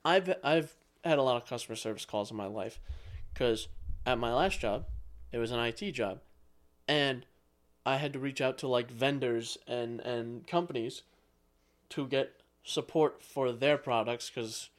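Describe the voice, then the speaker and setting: A young man co-hosting a podcast with blunt, dry remarks and some swearing. He talks casually at a middle pitch. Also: measured pace. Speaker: podcast co-host. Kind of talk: casual chat.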